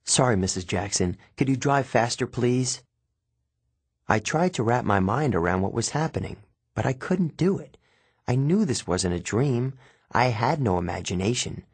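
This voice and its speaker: A man reading first-person fiction as an audiobook narrator, plain and steady. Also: fairly low pitch, husky, dry recording.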